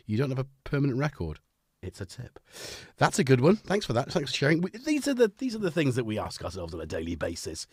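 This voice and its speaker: A man's voice: medium pitch, wildly swooping pitch, moderate pace, a little mellow, husky, dry recording, clean studio sound. A man hosting a casual live stream, chatting and joking with viewers and greeting them by name.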